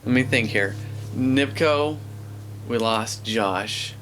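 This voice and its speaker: A man's voice: medium pitch, slow, a bit bright, soft background music. A man, a filmmaker interviewee, telling a casual anecdote in a rambling way full of fillers. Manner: rambling, filler-heavy storytelling.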